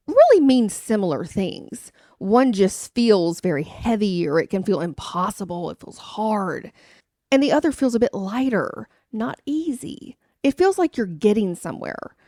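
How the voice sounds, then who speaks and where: A woman's voice: mid-range voice, darkish tone, no room sound, studio quality. A woman in her thirties hosting a podcast, telling a personal story in an earnest, confiding way. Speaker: podcast host.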